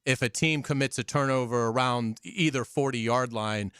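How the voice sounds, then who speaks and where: A man co-hosts a sports radio show in an agreeable, analytical way and builds on his partner's point. His voice sits at a medium pitch. The recording is dry and close, like a studio mic. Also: normal speed, fairly bright tone, smooth, dry recording. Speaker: radio co-host. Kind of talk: sports talk radio banter.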